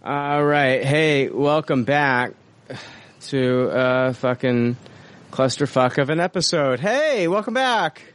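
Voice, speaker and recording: A man hosts a podcast in loose casual chat. He swears freely and rambles, filling pauses with lots of uhs. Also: medium pitch, steady tone, smooth, no room sound. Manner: profane, rambling, many fillers. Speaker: podcast host.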